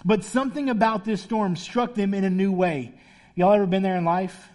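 High-voiced man preaching casually. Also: fairly even intonation, moderate pace, darkish tone. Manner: conversational, playful storytelling preacher. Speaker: pastor. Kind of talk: sermon.

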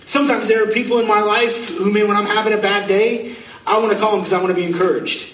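A man's voice: high-pitched, highs cut off. Preacher guy talking to his church, mic kinda far, echoey hall, faint room hum. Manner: conversational preaching with questions to the congregation. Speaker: pastor. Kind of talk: sermon. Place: church sanctuary.

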